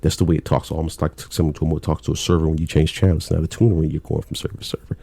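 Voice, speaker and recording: A man's voice: extremely low pitch, little pitch movement, rapid-fire, gravelly, warm tone, slightly rough, no echo. A middle-aged man, a cable technician, telling work stories in a blunt, laid-back way with plenty of swearing. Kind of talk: casual storytelling chat.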